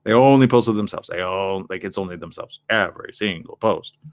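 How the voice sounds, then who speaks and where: A male talk show host giving casual relationship advice in a monologue, animated and acting out both sides of arguments, talking straight to the ladies. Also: deep voice, fairly quick, no room sound. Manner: addresses the ladies in the audience directly.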